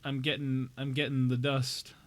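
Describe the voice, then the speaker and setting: Live-streaming a game, a young man talks casually and directly to chat at a moderate pace, his mid-range voice monotone. He keeps things playful and jokey, with bouts of mock outrage.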